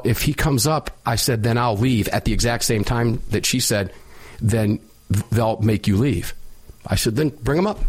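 Loud, emphatic talk radio host, a man. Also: fairly low pitch. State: sinus infection.

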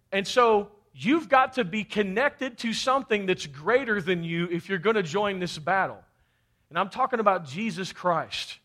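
A man's voice: sits high, bright, forceful tone. A man from Kentucky preaching a fervent sermon, often calling out for amens. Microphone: handheld or head mic.

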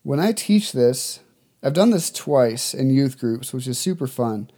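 Male Bible teacher, relaxed casual delivery, soft dark tone, chatty with fillers. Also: mid-range voice, measured pace. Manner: conversational, loose fillers, reads scripture then explains.

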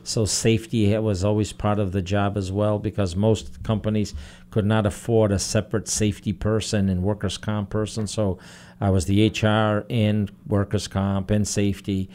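A man's voice: fairly low pitch, flat delivery, moderate pace, darkish tone. A man in his fifties, a human resources director, speaking earnestly and steadily as a radio guest, with frequent fillers. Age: 50s. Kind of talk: radio interview. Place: radio studio.

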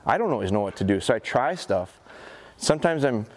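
Male dog trainer, live seminar demo; animated pitch, plain talk, lots of "come on, good boy" coaxing. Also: brisk. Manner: coaxes a dog with short repeated commands and praise; talks plainly to the audience with rhetorical questions. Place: event seminar in front of an audience.

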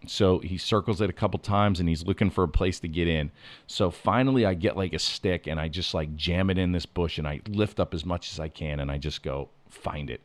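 A man telling a lively hunting story in casual podcast chat, acting out what people said. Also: deep voice, fairly quick, dry recording. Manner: animated storyteller, acts out quotes.

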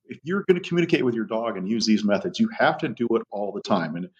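A man's voice: lowish voice, sing-song, fast, darkish tone. A middle-aged man, a dog trainer, chatting as a podcast guest, rambling through stories and swearing casually. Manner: rambling storyteller, casual profanity. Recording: muffled lo-fi audio.

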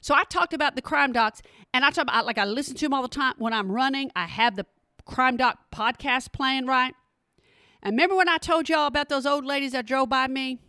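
A woman hosting a podcast, telling stories in an animated, casual way and talking straight to her listeners. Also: high-pitched, brisk, clear, resonant tone, dry recording, clean studio sound. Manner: animated, talks to listeners directly, exclamations. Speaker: podcast host. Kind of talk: casual storytelling monologue.

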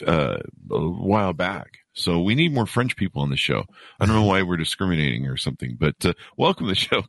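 A man's voice: deep voice, gravelly, fairly bright tone, dry recording. A man hosting a podcast, joking and rambling with self-mocking asides. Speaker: podcast host. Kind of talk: casual rambling podcast intro and interview.

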